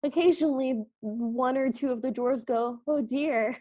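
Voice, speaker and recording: High-voiced woman recapping a movie. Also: normal speed, warm tone. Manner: chatty, acts out quoted lines. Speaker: podcast co-host. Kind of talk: casual movie recap chat.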